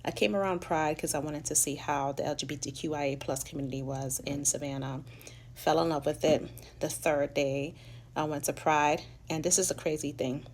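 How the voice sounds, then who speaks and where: Vlogger, female, New York accent, low gravelly voice, frank and profane storytelling, faint room hum. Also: steady tone, moderate pace, a little mellow. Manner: candid and profane, acts out quoted people in a high voice. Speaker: vlogger sharing her life story. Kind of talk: casual storytelling monologue.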